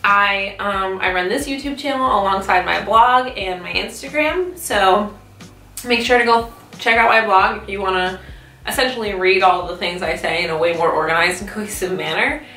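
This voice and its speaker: A woman's voice: medium pitch, normal speed, pushed and bright. A young woman chatting casually in a vlog while eating, talking with her mouth full and swearing freely. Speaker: YouTube vlogger. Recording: roomy echo, mic at a distance.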